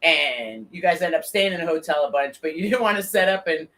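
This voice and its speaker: A woman hosting a relaxed talk show, her voice bright and ringing. She tells animated stories about her own rides and swears without a second thought. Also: sits low, brisk. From Florida. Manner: animated storyteller, swears freely. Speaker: podcast host. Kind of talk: casual chat.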